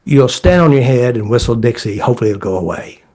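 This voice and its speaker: Middle-aged guy, therapist type, telling stories all folksy and blunt, acts out what people said, normal mid pitch. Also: quick pace. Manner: animated, acts out quoted dialogue in shifting voices; blunt, folksy phrasing with fillers. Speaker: therapist and creator of a healing method. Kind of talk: casual storytelling in conversation.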